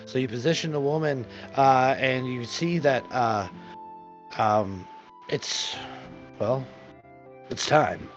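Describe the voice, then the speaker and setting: Halting man narrating as game master. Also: medium pitch. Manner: halting, many fillers. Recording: dull lo-fi audio with faint music.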